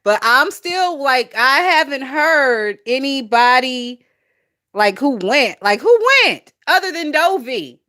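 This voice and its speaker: A woman's voice: high voice, lively intonation, slow, sharp tone. A woman hosting a casual gossip livestream, chatty and profane, laughing often and talking to her chat. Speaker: gossip channel host.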